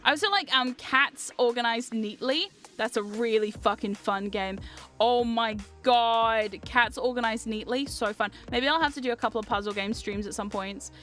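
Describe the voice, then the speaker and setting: A woman's voice: on the high side, moderate pace, few pauses, bright, forceful tone. A young woman streamer chatting casually and animatedly, reading chat aloud and swearing freely. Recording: faint music behind.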